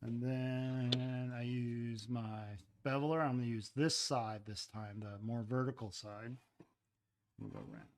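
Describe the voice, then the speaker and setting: With an expressive, medium-pitched voice and a measured pace, a ceramics artist shows viewers how he throws clay cups in his studio. He talks casually on the live stream, often fading into murmurs. A little hiss or hum sits under the recording.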